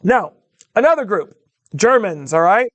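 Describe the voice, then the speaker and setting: In this recorded classroom history lecture, a man speaks in a high-pitched, slightly bright voice with big pitch swings and an unhurried pace, no room sound. Addressing students as "guys" and asking "all right?" along the way, he voices historical groups in quotes.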